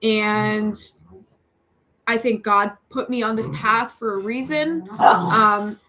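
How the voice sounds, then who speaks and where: Woman, young adult, TV reporter, bright tone, slightly high voice, chatty, earnest, laughs often. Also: takes it slowly. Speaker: TV news reporter and anchor, podcast guest. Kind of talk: casual interview talk.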